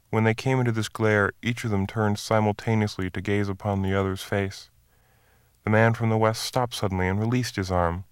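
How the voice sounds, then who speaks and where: A man narrating a classic short story in a measured, even reading voice. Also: fairly low pitch, clean tone, dry recording, studio quality.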